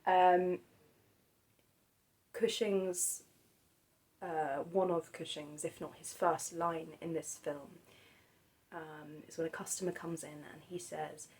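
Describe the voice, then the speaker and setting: A woman chats on her own about films she loves. She speaks softly and hesitantly, stopping often and restarting her sentences. Her voice sits a little low. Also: fairly even intonation, slow, long pauses, rough recording. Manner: hesitant, many ums and restarts, soft-spoken. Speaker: film vlogger. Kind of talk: casual monologue about films.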